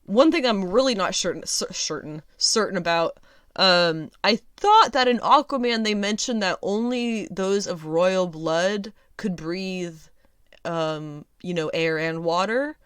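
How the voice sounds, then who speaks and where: A woman hosting a casual solo review podcast, chatty and sarcastic, laughing often and filling pauses with ums. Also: medium pitch, expressive, a bit bright, clear, resonant tone, dry recording, studio quality. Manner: chatty, lots of ums and restarts. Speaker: podcast host.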